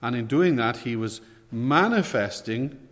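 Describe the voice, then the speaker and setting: A male preacher delivering a sermon, his voice swelling on key words and dropping low between them. The sound carries a long reverb, like a large hall. His pitch sits in a middle range. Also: expressive, unhurried, fairly bright tone. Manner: emphatic, rising and falling dynamics.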